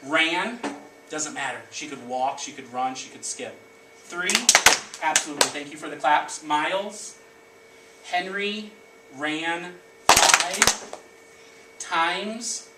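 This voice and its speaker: A male teacher leads a classroom of children, prompting them with lively call-and-response and brisk instructions. He is picked up from across an echoing classroom, a little distant, with steady room noise behind him. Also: on the high side. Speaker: elementary school teacher. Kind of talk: leading a classroom math lesson. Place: elementary school classroom. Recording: echoey classroom, distant mic, background noise.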